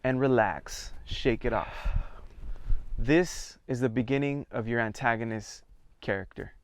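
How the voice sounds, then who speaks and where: Calm man guiding a theatre exercise. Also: medium pitch, clean tone, no echo. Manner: calm, measured, counts students in and prompts them. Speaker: theatre workshop leader. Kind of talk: guided instruction for a theatre exercise.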